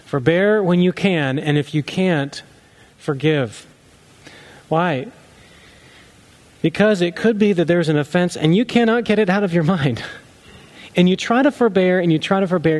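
A man preaching a sermon as a pastor, earnest, rising to emphatic lines and then dropping low and soft.

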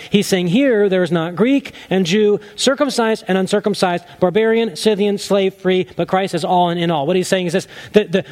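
A man with a notably high voice preaching a sermon. He speaks earnestly, building to emphatic peaks and then falling to low, quiet lines. The delivery is that of a pastor addressing his congregation.

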